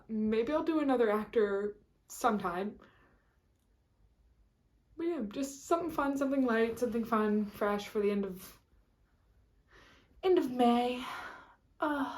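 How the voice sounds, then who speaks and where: Chatty woman vlogging with endless fillers. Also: medium pitch. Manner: rambling, chatty, many fillers and restarts. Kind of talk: casual chat to camera.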